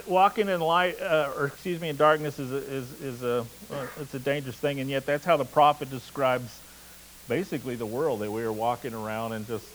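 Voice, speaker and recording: A man preaching a sermon in a conversational, casual way, telling stories and reading scripture aloud between relaxed asides. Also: medium pitch, a little hiss or hum, poor audio. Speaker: pastor.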